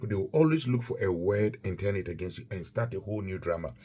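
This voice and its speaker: A man's voice: deep voice, quick pace, dark tone, slightly rough. A man teaching a Christian lesson on marriage, emphatic and repetitive, quoting scripture as he preaches.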